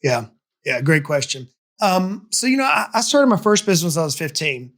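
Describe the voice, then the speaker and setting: A middle-aged man from the southern United States spins his story at a brisk clip, his voice sitting high and lively. He is an animated, emphatic storyteller guesting on a business podcast. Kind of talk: storytelling interview talk.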